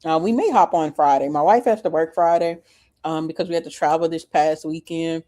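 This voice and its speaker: A man's voice: on the high side, fairly quick, dark tone. A man coaching options trading live, chatting casually and joking with his viewers. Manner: joking, chatty, addresses chat as y'all. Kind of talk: casual livestream trading chat.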